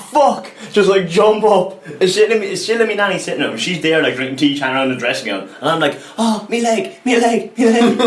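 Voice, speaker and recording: A young Irish man co-hosting a podcast, telling a story in an animated, laughing way and swearing often. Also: a little high. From Ireland. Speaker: podcast co-host. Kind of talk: casual chat, storytelling. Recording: echoey room.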